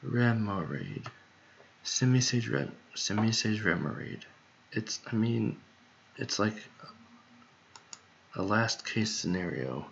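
A songwriter mutters to himself while working out lyrics, trying pairs of words under his breath. His voice is lowish and fairly bright, with big pitch swings, creaky texture, a slow pace and frequent pauses. It's captured on a dull lo-fi mic with faint noise.

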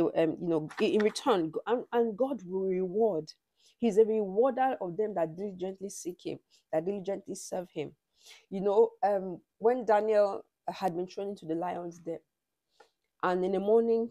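Woman, devotional teacher, conversational delivery, gravelly tone, dry close sound. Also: fairly low pitch, warm tone, no echo. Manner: conversational, frequent "you know" asides.

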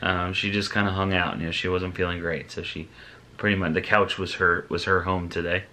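A man, a father, chatting casually to camera about his family's day, relaxed and rambling with ums and restarts. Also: deep voice, brisk. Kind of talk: casual vlog talk to camera.

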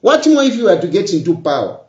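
In an echoey room with dull, lo-fi sound, a Zambian politician talks to his social media audience, repeating himself emphatically until he becomes insistent. His darkish voice sits high, and he is very animated and talks fast.

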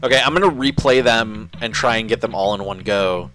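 A man's voice: fairly low pitch, fairly quick, a bit bright, soft background music. A man streaming a puzzle game, chatting casually with friends and reading out viewer comments. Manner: reacts to his own failures and reads viewer comments aloud. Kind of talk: casual let's play chat.

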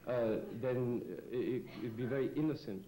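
A man speaks with a put-on foreign immigrant accent, halting and hesitant, full of fillers and restarts. His voice is mellow and soft-edged. It carries the echo of a roomy studio over a faint hiss. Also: mid-range voice. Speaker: comedian guest. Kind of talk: in-character talk show interview.

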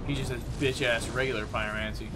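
A man playing a game on a show, excitable and swearing, with playful shouts. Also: mid-range voice, fast, heavy background noise. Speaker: player in a gaming show. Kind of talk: casual let's-play banter.

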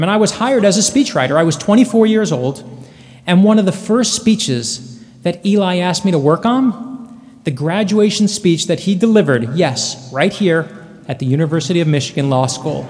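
A man's voice: sits high, a little mellow. Man giving a commencement speech in a big hall. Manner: earnest storytelling, dramatic pauses. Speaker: commencement speaker. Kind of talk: commencement address. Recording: long hall reverb.

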